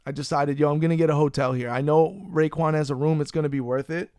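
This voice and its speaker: A man with a fairly high-pitched voice hosts a casual podcast, spinning a long story with loose, swearing energy. The sound is very dry and close, with no room around him. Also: quick pace, clear, resonant tone, dry recording. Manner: animated, profane, loose storyteller. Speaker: podcast host. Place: Florida.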